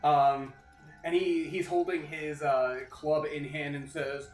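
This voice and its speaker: A man running a tabletop game as game master, narrating casually with many halting fillers. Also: fairly high pitch, flat delivery. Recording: echoey room with faint music.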